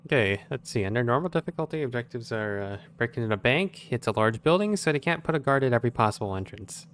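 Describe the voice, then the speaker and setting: This man's voice is quick, expressive, and mid-range, with a slightly bright, clear, resonant tone. Working through a stealth game, he offers laid-back let's-play commentary, musing out loud with dry, sarcastic jabs.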